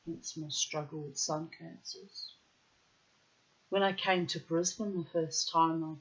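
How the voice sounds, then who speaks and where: A woman's voice: deep voice, fairly even intonation, slow pace, highs cut off. A woman with a New Zealand accent telling a rambling personal story straight to the viewer, blunt and profane. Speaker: vlogger.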